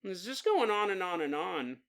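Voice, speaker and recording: A man's voice: high voice, big pitch swings, brisk, creaky, fairly bright tone. A man hosting a podcast, telling a ghost story casually with jokey asides and digressions. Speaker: podcast host. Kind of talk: comedic storytelling narration.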